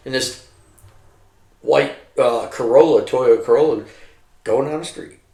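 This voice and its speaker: A man's voice: mid-range voice, a little slow, vocal fry. A middle-aged army veteran man telling war stories in casual, heavily profane talk, acting out what people said. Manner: heavily profane, animated, acts out quotes. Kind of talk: casual storytelling over drinks. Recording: roomy echo.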